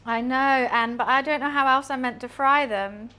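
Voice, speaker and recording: A high-sitting woman's voice, pushed and bright yet clean in tone, moves at a moderate pace. She cooks in her home kitchen on stream, casually chatting to her audience and making light of herself. Sizzling from frying is faintly audible behind her.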